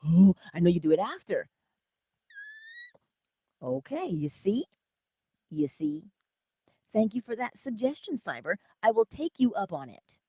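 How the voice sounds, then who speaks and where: A woman hosting a motivational livestream, with a husky voice, laughing often and answering her chat. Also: mid-range voice, measured pace, long pauses, no room sound, studio quality. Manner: animated, laughing, talks to chat. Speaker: livestream host.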